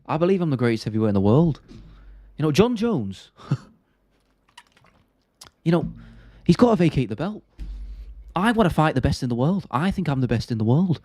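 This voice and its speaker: A man's voice: fairly high pitch, big pitch swings, normal speed, long pauses, dark tone, no echo, voice pushed up. Man's impression of a heavyweight fighter: boastful, earnest, raised voice, dry close sound. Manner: earnest, pleading, self-assured.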